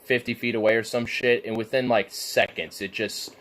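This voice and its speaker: A man with a somewhat low voice rants casually, rambling from point to point. He swears freely and fills every pause with "like". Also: fairly even intonation, a bit bright. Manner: profane, rambling, heavy use of filler "like". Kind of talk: casual rant.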